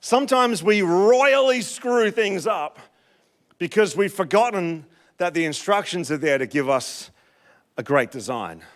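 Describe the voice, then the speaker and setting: A middle-aged man with an Australian accent preaching a sermon, telling a personal story with emotional, animated delivery and big swings in loudness. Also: sits high, unhurried. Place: church.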